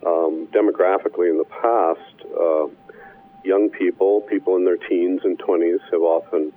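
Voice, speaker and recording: Male guest on a phone line, very low voice, measured and hesitant. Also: fairly even intonation. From Wisconsin. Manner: measured, hesitant with many fillers. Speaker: guest, professor and minister. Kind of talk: radio interview answers. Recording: phone-line radio call.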